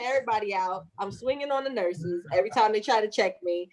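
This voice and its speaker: Lively, laughing woman telling a story. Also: a little high, fast, hardly any pauses, crowd noise. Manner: lively, laughing, cussing, acts out voices. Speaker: guest mom telling a birth story. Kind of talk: animated storytelling with acted-out quotes.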